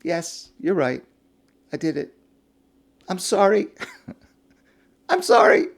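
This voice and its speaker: A man's voice: fairly high pitch, drawn-out words, creaky, a little mellow, pitched above the performer's own voice, full character voice. A man putting on a sly wheedling thief. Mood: sheepish. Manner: coaxing, self-justifying storyteller's voice.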